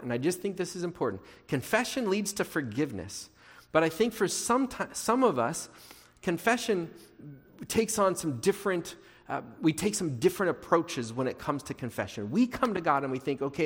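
A man preaching a sermon as pastor, animated, acting out quoted prayers and moving between loud and hushed delivery. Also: a little high, moderate pace. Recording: long hall reverb.

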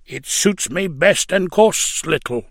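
A man's voice: sits high, lively intonation, slow pace, husky, no echo, clean studio sound, pitched above the performer's own voice, heavily acted. A man doing a joyful ninety-year-old believer. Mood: content. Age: older. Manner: plain dialect speech, joyful and earnest. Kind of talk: reading aloud a story.

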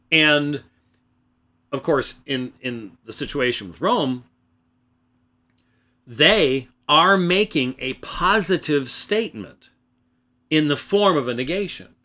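A man hosting a religious program alone in a small room, talking emphatically and loudly into a close microphone, restarting his sentences. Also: a little high, expressive, slow pace, long pauses. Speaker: host of a religious debate program. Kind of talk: solo spoken commentary. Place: small room, away from the usual studio.

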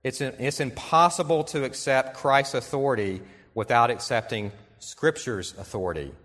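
A man preaches in a church sanctuary, his mid-pitched voice carrying earnest conviction as he reads quotations aloud. He slows down to press key points home. The sound trails off into the long reverb of a large hall. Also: fairly bright tone. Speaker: pastor. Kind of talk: sermon.

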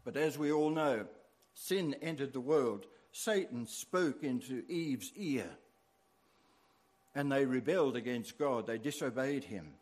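A man's voice: medium pitch, animated, a little slow, a little mellow. A middle-aged man preaching a sermon as pastor, with rising emphasis on key words.

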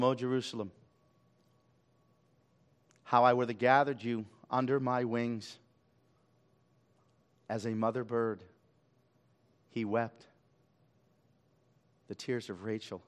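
A male pastor preaching a sermon, swelling loud on key lines and dropping to a hush. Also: medium pitch, level tone, takes it slowly, pauses often.

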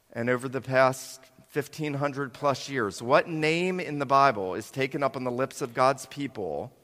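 Guy pastor reading scripture then preaching, mid-pitched voice, leans into the quotes, big echoey church hall. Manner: dramatic reading, voicing quoted lines with shifts in loudness. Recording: long hall reverb.

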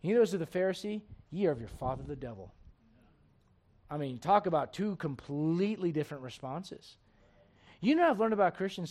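A man's voice: a little high, a little mellow. A man preaching a sermon in an impassioned, conversational way, firing off rhetorical questions to his listeners.

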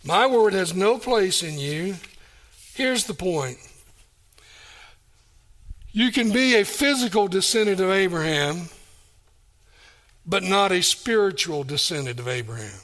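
A man's voice: high-pitched, animated, a little slow, long pauses, fairly bright tone. A man preaching a sermon, reading scripture aloud and explaining it verse by verse, repeating key phrases for stress.

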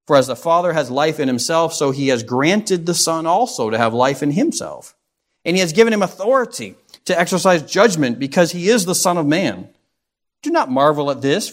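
Guy preaching a sermon, kinda high voice, earnest, lots of rhetorical questions.

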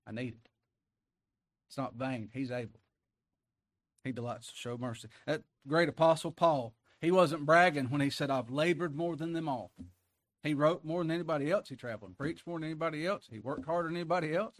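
A man's voice: on the high side, brisk, no echo. Man preaching with rhetorical questions. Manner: swings from soft to emphatic. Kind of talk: sermon.

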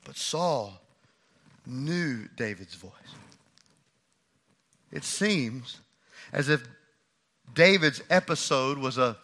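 A man preacher delivering a lively, conversational sermon and acting out a scripture story. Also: mid-range voice, extremely slow, long pauses.

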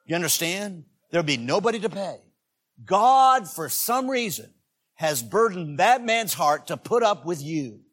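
A man preaching a sermon as a visiting evangelist, folksy and joking, swinging between loud peaks and hushed asides. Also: high voice.

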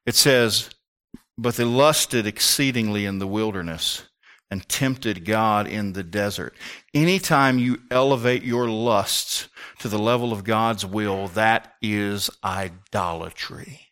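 A man preaching a sermon with passion, rising to near-shouts and firing rhetorical questions at the congregation. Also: fairly low pitch, takes it slowly. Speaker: pastor.

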